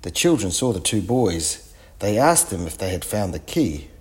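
A man narrating a children's storybook in a clear, expressive reading. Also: low voice, normal speed.

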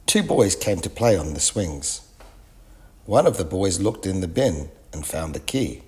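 A man narrating a children's storybook in a clear, expressive reading. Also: deep voice, unhurried, slight background noise.

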